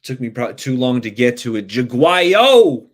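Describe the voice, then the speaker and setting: A man's voice: medium pitch, level tone, brisk, darkish tone. A man hosting a live sports talk stream, chatting loosely and reacting to viewer comments. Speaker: livestream sports show host.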